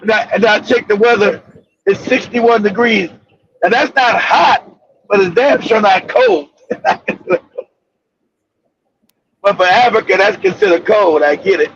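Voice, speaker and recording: Man, talk show host, very high gravelly voice, profane rambling storyteller, dull lo-fi sound. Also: a little slow, pauses often. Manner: profane, animated, rambling anecdotes with bursts of shouting. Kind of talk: casual storytelling chat. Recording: dull lo-fi audio.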